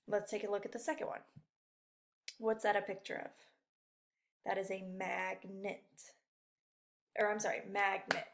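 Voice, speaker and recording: Woman teacher walking little kids thru a worksheet, slow and patient, keeps it encouraging. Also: mid-range voice. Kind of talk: remote lesson for young children.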